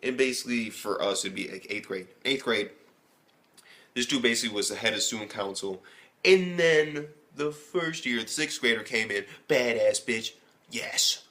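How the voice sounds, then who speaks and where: Excitable swearing man. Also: mid-range voice, normal speed. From United States. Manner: excitable, rambling, heavy swearing. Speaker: anime reviewer. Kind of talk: casual episode recap.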